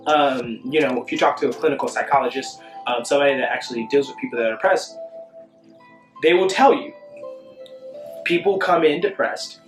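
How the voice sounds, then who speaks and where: A young adult man giving a casual motivational talk, animated and sing-song, often asking "you see what I'm saying?". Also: medium pitch, reverberant. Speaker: self-help vlogger.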